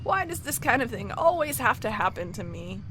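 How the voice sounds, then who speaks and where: A woman voicing an excitable, self-pitying female clockmaker hermit, reading game dialogue aloud in a theatrical, wailing way. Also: on the high side, normal speed, a little hiss or hum. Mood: dramatic.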